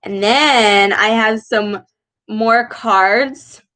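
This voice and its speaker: Young female speech therapist for kids, slightly high voice, slow and exaggerated, gasping with delight. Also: low-quality recording. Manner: animated, exaggerated sounds, frequent gasps, slow deliberate words. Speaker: speech therapist reading with children. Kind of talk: children's speech lesson over video.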